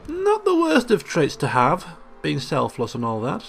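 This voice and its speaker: A man's voice: fairly high pitch, huge pitch swings, unhurried, gravelly. A man giving chatty, joking commentary as he plays a video game. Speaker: let's play host. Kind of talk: casual gameplay commentary. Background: game music.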